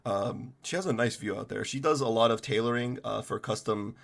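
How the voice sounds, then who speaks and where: A man voicing a friendly, helpful shopkeeper who pauses to think as he talks. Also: lowish voice, creaky, fairly bright tone. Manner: friendly, hesitant.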